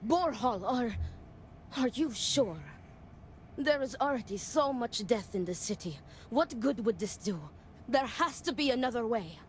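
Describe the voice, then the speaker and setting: An actress playing an earnest woman who speaks in a measured, formal way. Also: fairly high pitch, lively intonation, slight background noise. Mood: worried. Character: calm, earnest adult woman, duel second.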